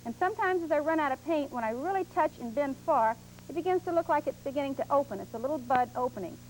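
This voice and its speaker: A woman with a high, light voice gives a painting lesson on television. She talks through each stroke patiently and step by step as she works, in a studio setting. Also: animated, fast talker, a little mellow, a little hiss or hum, rough recording. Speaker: painting instructor.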